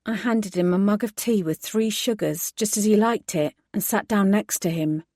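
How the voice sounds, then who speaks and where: A woman reading a first-person audiobook in a steady, measured voice. She lands the heroine's lines with clear emphasis. The sound is dry and close, with no room echo. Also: medium pitch. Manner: measured narration with emphatic dialogue. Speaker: audiobook narrator.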